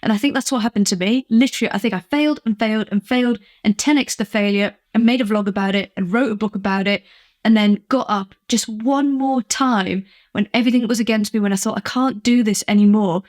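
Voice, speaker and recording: A woman's voice: medium pitch, brisk, a little mellow. A woman business coach from England giving an earnest, emphatic motivational vlog talk, acting out little quoted exchanges.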